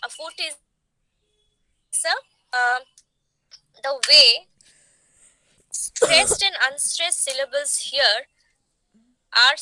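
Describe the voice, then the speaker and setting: A woman teaching poetic meter, explaining slowly and asking rhetorical questions. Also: high voice, sharp tone, no echo, rough recording. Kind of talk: poetry meter lesson.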